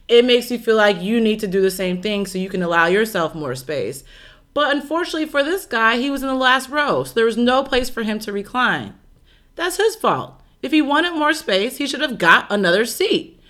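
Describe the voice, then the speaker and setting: A woman's voice: medium pitch, a bit bright. A woman co-hosting a casual chat show, giving her opinions emphatically. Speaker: podcast co-host.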